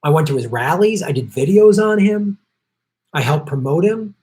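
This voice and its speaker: A man's voice: a little high, animated, normal speed, a little mellow. A middle-aged man hosting a political commentary show, ranting angrily and emphatically, with frequent profanity and repeated lines. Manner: angry, profane, emphatic and repetitive.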